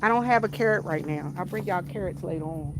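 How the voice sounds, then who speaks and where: Speaking fast in a lowish voice over a noisy background, a woman vlogger chats to her viewers via a phone stream. She's out in the countryside near horses, repeating herself and calling out "y'all" again and again.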